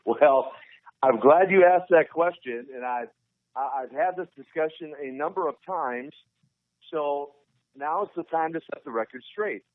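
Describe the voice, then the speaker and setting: A man in his fifties from Minnesota comes through a tinny phone line with a fairly high voice. He tells long, animated stories and acts out the dialogue. The sound is dry and thin. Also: a little slow, no echo. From Minnesota, USA. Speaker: interview guest, former pro wrestler. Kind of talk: storytelling on a podcast interview. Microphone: phone call.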